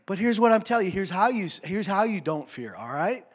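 A man from North America preaching a sermon, with impassioned swings from hushed asides to shouted commands and low mocking voices for quoted complaints. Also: very animated, brisk, breathy edge. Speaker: pastor.

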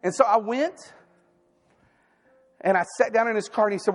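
A man preaching a sermon, telling personal stories and acting out the dialogue with lively energy. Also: high-pitched, fairly quick, faint music behind. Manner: animated storytelling, acting out quoted dialogue.

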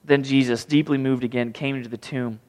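A man's voice: medium pitch, a little fast, in a large hall. A man preaching a sermon, reading scripture and acting out the pleading voices of the people in it. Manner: animated, acts out pleading voices. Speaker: pastor.

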